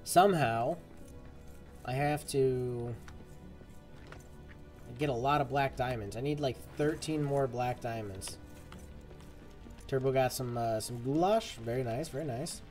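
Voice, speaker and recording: A male streamer talks through his gameplay in a loose, chatty way, drifting from crafting to greeting viewers. His voice sits in a middle pitch, with faint game music behind him. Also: unhurried, long pauses, a little mellow. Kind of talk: casual gameplay commentary.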